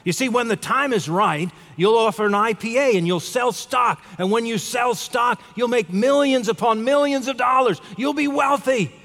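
A man's voice: very high-pitched, moderate pace, few pauses, fairly bright tone, voice pushed up. A man voicing a brash, pushy American tourist who lectures eagerly about getting rich. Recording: long hall reverb.

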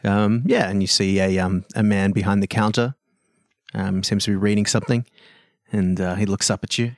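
A man's voice: on the low side, fairly even intonation, moderate pace, no room sound, clean studio sound. A man narrating a tabletop horror game as game master, in loose, filler-heavy narration.

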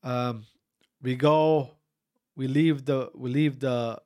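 A man's voice: medium pitch, slow pace, no room sound, studio quality. A man casually recounting his own fight, stammering and restarting often, swearing freely and acting out what others said. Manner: animated, frequent restarts and stammers, acts out quotes. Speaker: amateur fighter recounting a bout. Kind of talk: casual storytelling.

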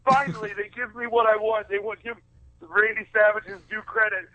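A man's voice: high voice, level tone, a little fast, sharp tone, dry recording. A man calling in as a guest on a casual podcast, ranting with heavy profanity about things he hates. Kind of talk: casual wrestling podcast chat. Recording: muffled phone-line sound.

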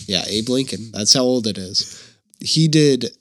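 A man co-hosting a podcast in casual chat, relaxed and explaining background about an old film. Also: mid-range voice, measured pace, no room sound, clean studio sound. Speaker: podcast co-host.

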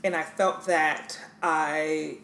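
Low-voiced woman giving a motivational talk. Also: steady tone, very slow, fairly bright tone, slight background noise. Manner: emphatic, encouraging, speaks straight to the listener. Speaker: podcast host. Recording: echoey room.

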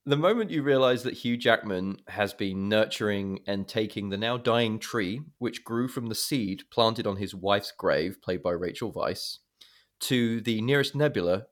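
A man hosting a film podcast, chatting casually and animatedly, swearing freely and poking fun at himself. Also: lowish voice. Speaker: podcast host.

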